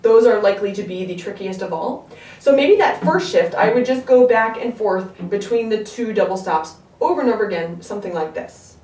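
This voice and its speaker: A woman giving a step-by-step music lesson, patient, often pausing to check that the learner is following. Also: mid-range voice, background noise. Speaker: string teacher. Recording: echoey room, distant mic. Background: her own instrument playing between phrases.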